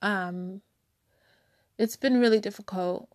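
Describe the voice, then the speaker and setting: A woman sharing her feelings in a candid personal monologue, halting and searching for words, becoming emotional. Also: medium pitch, a little mellow, dry recording, clean studio sound. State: tearful, emotional.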